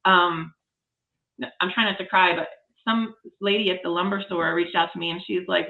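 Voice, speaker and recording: A woman's voice: on the low side, fairly even intonation, normal speed, creaky, phone-quality sound. A woman in her forties, a podcast guest, telling a story in casual, enthusiastic chat.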